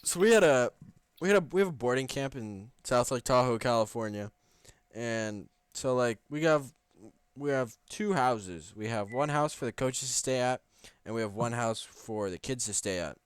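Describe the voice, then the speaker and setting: A man's voice: medium pitch, expressive, normal speed, clear, resonant tone, dry recording, clean studio sound. A young man co-hosting a casual podcast as a hockey coach, joking as he reads posts aloud.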